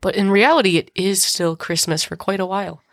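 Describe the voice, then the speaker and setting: A woman hosting a faith podcast, talking in a chatty, relaxed way with lots of "like". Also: medium pitch, fairly quick, no room sound, clean studio sound. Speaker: podcast host. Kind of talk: casual faith podcast conversation.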